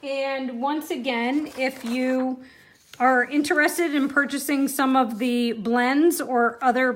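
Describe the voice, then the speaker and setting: Chatty woman hosting a craft class. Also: sits high. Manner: chatty, reacts to viewer comments. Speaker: card-making class host. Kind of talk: live-streamed craft class.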